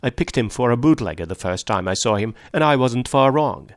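Man voicing an arrogant domineering rich man, sneering, loud, dry close sound. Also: medium pitch, animated, brisk, no echo, natural voice. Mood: accusing.

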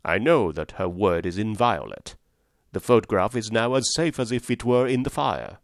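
A man's voice: fairly low pitch, expressive, moderate pace, dry recording. Man playing vain king, exclamatory, effusive, dry close sound. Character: excitable, vain middle-aged king.

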